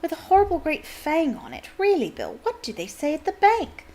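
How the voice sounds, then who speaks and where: A woman's voice: sits high, wildly swooping pitch, normal speed, darkish tone, a little hiss or hum, pitched above the performer's own voice, exaggerated voice. A woman reading aloud voices a fussy, doting middle-aged witch mother who scolds her grown children. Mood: fussing.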